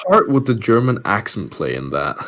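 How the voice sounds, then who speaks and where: A man's voice: on the low side, big pitch swings, moderate pace, noisy background. A man co-hosting a podcast over a voice call, teasing and jokey. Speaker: podcast co-host. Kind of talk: casual chat over voice call.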